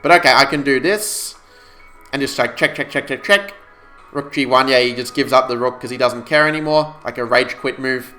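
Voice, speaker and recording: A man streaming chess puzzles live, calculating moves out loud and explaining them to his viewers in a casual way. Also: medium pitch, normal speed, soft background music.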